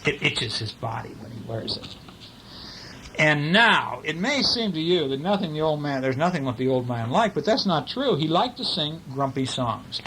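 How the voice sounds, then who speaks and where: A man's voice: fairly high pitch, very animated, moderate pace, noisy background. A man reading a picture book aloud at home, chatting playfully with a small child between the pages. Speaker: family member reading to a child.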